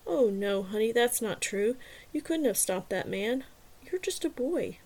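A woman voicing a gentle foster mother who speaks softly and soothingly. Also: fairly high pitch, animated, a little slow. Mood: tender. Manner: soft, soothing, tender.

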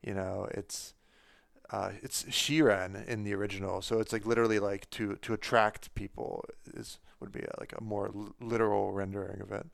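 A man's voice: fairly low pitch, level tone, moderate pace, vocal fry, no echo, clean studio sound. A man co-hosting a podcast, talking casually about a book with many fillers and restarts. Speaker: podcast co-host.

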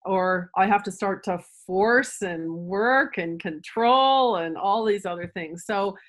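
A woman speaking as an interview guest, explaining her ideas thoughtfully and at an even, middling pitch. She often searches for words and restarts phrases as she talks. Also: slow pace. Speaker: chiropractor guest. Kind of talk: conversational interview answers.

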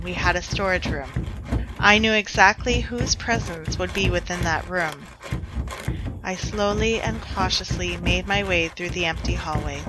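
A woman narrating her own first-person horror story in a hushed, slow and deliberate way. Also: fairly low pitch, no room sound, low-quality recording. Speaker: author and narrator.

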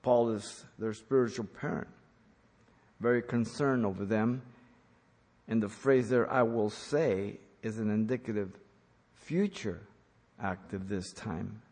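A man's voice: on the low side, unhurried, long pauses, a little mellow. Man preaching a sermon in a reverberant hall. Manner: earnest, repeats for emphasis. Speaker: pastor.

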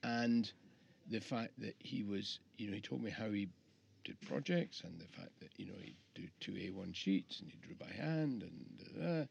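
A man's voice: on the low side, lively intonation, normal speed, creaky, few pauses, darkish tone, muffled recording. A middle-aged man, an architect guest, talking in a rambling, reflective way with many restarts, in casual interview chat. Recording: faint background noise.

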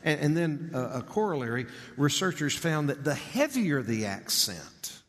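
A man's voice: fairly high pitch, big pitch swings, normal speed, fairly bright tone. A man with a Texan accent giving a conversational sermon in a folksy, storytelling manner. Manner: folksy, storytelling, with many asides. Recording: long hall reverb.

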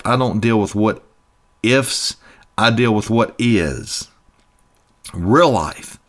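Folksy, emphatic male financial host. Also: lowish voice. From United States. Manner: folksy, emphatic, repetitive preaching delivery. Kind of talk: promotional radio-style talk.

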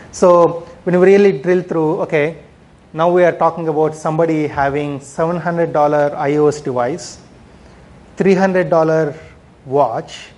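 A slightly high, somewhat mellow male voice delivers a product management talk at a conference. His style is conversational, full of fillers, with frequent "right?" tags at the end of his points.

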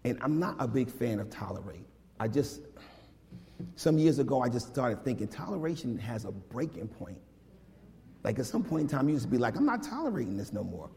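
A man preaching a casual, lively sermon, animated and full of slang, talking to his congregation like old friends. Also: mid-range voice, moderate pace. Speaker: pastor. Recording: long hall reverb.

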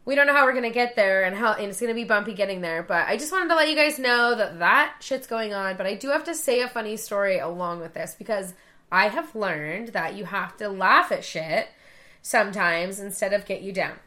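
A woman's voice: medium pitch, expressive, brisk, bright, forceful tone. A woman in her thirties co-hosting a casual podcast chat, swearing freely and acting out what others said with big jumps in her voice. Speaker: podcast co-host.

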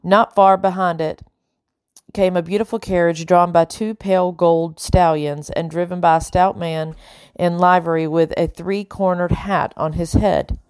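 Reading a first-person audiobook, the woman keeps a measured, steady pace in a somewhat low voice. The mic is close, and the recording is smooth and dry with no surrounding room.

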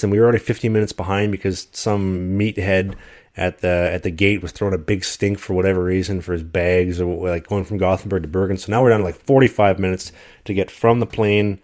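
A man telling a long story in casual conversation, animated, and acting out what other people said. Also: low-pitched. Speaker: guest telling a travel story.

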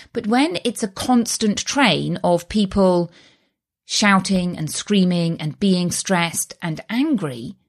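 Woman in her thirties, host of a motivational talk, earnest and reassuring, conversational delivery. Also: mid-range voice.

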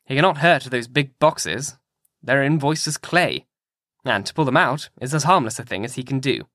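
A man reading an audiobook in a measured, grave manner. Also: mid-range voice, a bit bright, no room sound, clean studio sound. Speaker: audiobook narrator.

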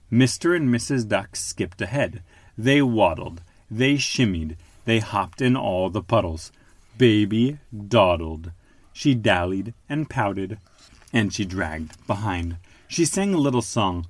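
Dad reading a kids book out loud, bouncy sing-song voice, dry close sound. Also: male voice, fairly low pitch, slow, no echo. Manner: animated, playful. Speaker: father and podcast host. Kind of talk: reading a picture book aloud to his child.

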